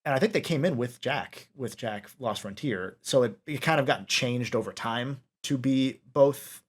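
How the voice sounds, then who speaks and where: A man's voice: medium pitch, unhurried. A man hosting a casual interview, talking at length with many fillers and restarts. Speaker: interviewer, podcast host.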